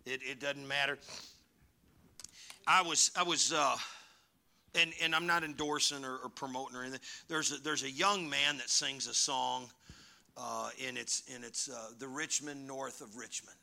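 Gravelly, bright-voiced man preaching a sermon. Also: medium pitch, fairly even intonation, normal speed. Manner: storytelling, swings from hushed to near-shouting. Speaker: pastor.

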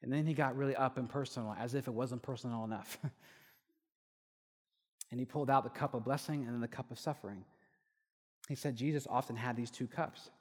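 A young man preaching a sermon, telling a personal story and lively when he quotes others. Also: mid-range voice, fairly quick, pauses often. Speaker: pastor. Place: church hall. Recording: echoey hall with long reverb.

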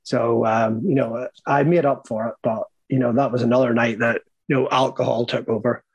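Middle-aged northern irish guy, husky and kinda low, rambling and blunt, dry close sound. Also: steady tone, normal speed, no echo, lo-fi sound. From Northern Ireland. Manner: rambling, frequent fillers and restarts, blunt swearing. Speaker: guest sharing his life story. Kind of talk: candid conversational storytelling.

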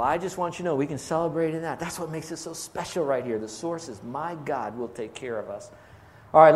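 A man preaches a sermon, his voice sitting slightly higher than most men's. He teaches conversationally, stresses key words and asks the congregation questions. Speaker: pastor.

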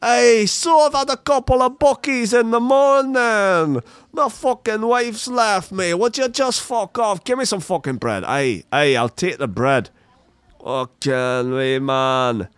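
A man voicing a rowdy, drunk, foul-mouthed male swan in a bad put-on Scottish accent, shouting in a sing-song way. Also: sits high, lively intonation, slow pace, clean tone, no room sound, voice pushed up, heavily acted. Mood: belligerent.

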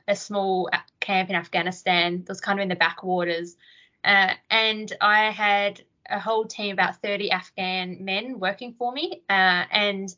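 An Australian woman appears as a podcast guest, reflectively recounting stories from her military service in an interview. Her mid-range voice has a sharp tone, and the recording's high frequencies are cut off.

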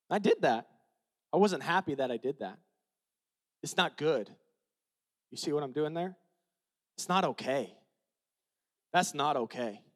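A man preaching a sermon as pastor, swinging from shouted retellings to quiet, confiding asides. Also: a little high.

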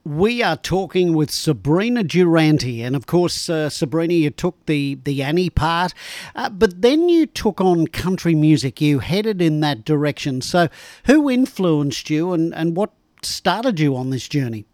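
A man's voice: a little high, very animated, unhurried, darkish tone, no room sound. Aussie radio guy joking around with his guest, dry close sound. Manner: jokey, teasing. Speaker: radio host. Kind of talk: casual radio interview.

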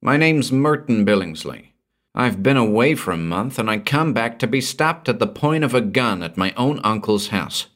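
A man's voice: mid-range voice, lively intonation, normal speed, fairly bright tone, voice pushed up, lightly acted. Man voicing a snappish, alarmed young man. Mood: indignant. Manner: snappish, urgent questioning. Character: brash young man, quick to anger and alarm.

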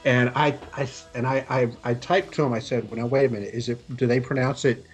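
A man's voice: mid-range voice, fairly even intonation, fairly quick, soft background music. A man telling a casual, exasperated story on a podcast, swearing as he goes.

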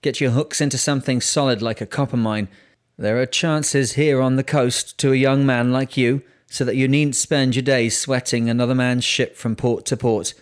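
A man reading the lines of a testy, grumbling old sea captain in his sixties with a gruff, growling voice. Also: medium pitch, steady tone, normal speed, close to an everyday voice. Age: 60s. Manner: bitter, grumbling. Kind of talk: audiobook character voice.

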